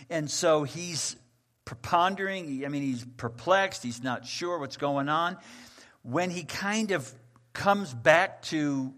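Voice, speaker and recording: A man preaching a sermon as a pastor, retelling a scripture passage with lively, animated storytelling and voicing its characters. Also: a little high.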